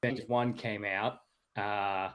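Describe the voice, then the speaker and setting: A man's voice: lowish voice, steady tone, a little slow, fairly bright tone, a little hiss or hum. A man hosting a podcast, introducing the episode and chatting casually in an enthusiastic, conversational way. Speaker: podcast host.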